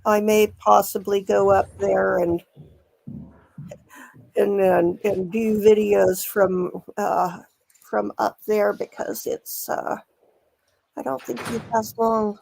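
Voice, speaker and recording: Slow, gravelly-voiced woman commentator. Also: medium pitch, steady tone, a little mellow. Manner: rambling, many fillers and restarts. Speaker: true crime commentator. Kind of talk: casual commentary vlog.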